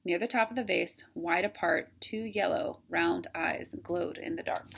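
A woman, a teacher, reading a chapter book aloud in a plain, steady way. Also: fairly low pitch, moderate pace, vocal fry, hardly any pauses, slight background noise. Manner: plain, steady reading with some self-corrections.

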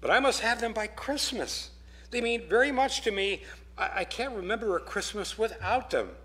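Earnest young widow, polite and a little halting, higher voice, as a man reads her part. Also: animated, a bit bright. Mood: earnest pleading.

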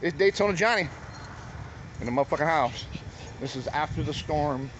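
A vlogger films storm damage at his home on a handheld phone, moving through the yard and street while cursing, bragging, and talking in slang. His fairly high, slightly bright voice has lively intonation at normal speed, over lo-fi audio with outdoor noise.

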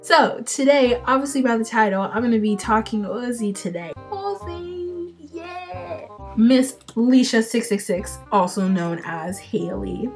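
A woman's voice: mid-range voice, normal speed, few pauses, a little mellow, soft background music. A young adult woman vlogging daily in a bubbly, giggly, cheeky casual chat. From Portland, Oregon, US.

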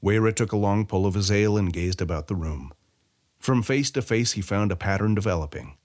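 A man narrating a fantasy short story as an audiobook reader, in an expressive storytelling way. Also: on the low side, a little fast.

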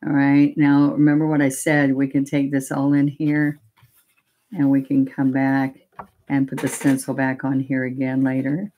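A woman's voice: very deep voice, completely flat delivery, normal speed, dark tone. A woman demonstrating a painting technique live, explaining each step in a chatty, step-by-step way. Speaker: painting instructor.

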